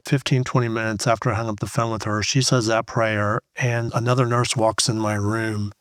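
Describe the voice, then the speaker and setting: A middle-aged man recounting a personal ordeal as a testimony. He talks casually and keeps slipping into quoted bits of dialogue as he goes. His voice sits at a middle pitch and sounds dry and close to the mic. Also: fairly even intonation, brisk, hardly any pauses, dry recording. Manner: conversational, retells scenes by quoting himself and others. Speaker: Christian speaker sharing testimony.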